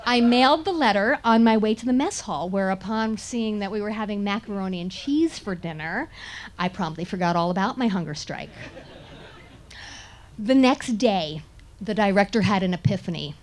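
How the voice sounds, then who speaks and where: A woman telling a funny first-person story in an animated way, often laughing and sounding indignant. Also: mid-range voice, normal speed.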